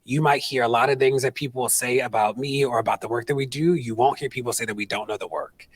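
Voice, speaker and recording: Male activist speaker, 30s, husky, animated storyteller who acts out the people he quotes. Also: mid-range voice, fast talker, no room sound. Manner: animated, quotes people in put-on voices, conversational with fillers. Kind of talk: storytelling on stage, answering audience question. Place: stage at an event.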